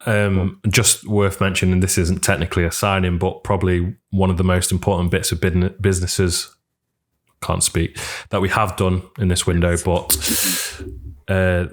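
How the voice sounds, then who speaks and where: A man co-hosting a casual football podcast, talking as an enthusiastic fan. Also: low voice. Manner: relaxed, enthusiastic fan talk with fillers. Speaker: podcast co-host.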